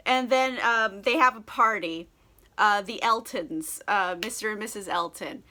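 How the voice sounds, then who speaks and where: Bright-voiced tipsy woman ranting sarcastically. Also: medium pitch, a little slow. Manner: sarcastic, profane and giggly. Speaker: book vlogger. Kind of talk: casual book review chat.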